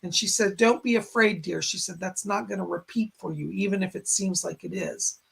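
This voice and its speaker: A man hosting a psychic live stream in a raspy, strained voice, relaying spirit messages in short, halting phrases. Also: high voice, a bit bright. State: strained, hoarse voice. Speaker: psychic medium host. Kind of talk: live-stream chat and readings. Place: home in a rural area.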